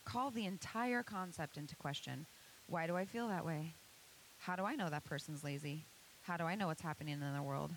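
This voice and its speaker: Speaking fairly quickly in a low voice, a woman delivers a motivational church presentation, earnestly firing rhetorical questions at the audience. Audio quality is poor, and there's a bit of background noise.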